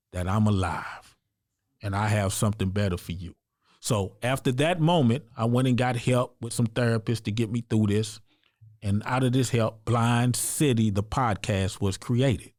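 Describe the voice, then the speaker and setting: A man's voice: on the low side, darkish tone, no room sound, clean studio sound. A man from the United States, a podcast guest, telling his own story in an earnest, emphatic, conversational way. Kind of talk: personal storytelling in an interview.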